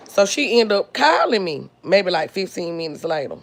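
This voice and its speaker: A woman's voice: lowish voice, sing-song. A woman hosting a podcast, telling a personal family story in a blunt, indignant way. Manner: blunt, indignant, drawn-out delivery. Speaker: podcast host.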